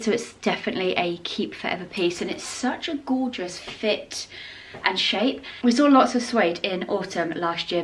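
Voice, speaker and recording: A young woman, chatting enthusiastically in a casual home vlog about decor and clothes. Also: medium pitch. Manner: gushing, enthusiastic product chat. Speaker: lifestyle vlogger.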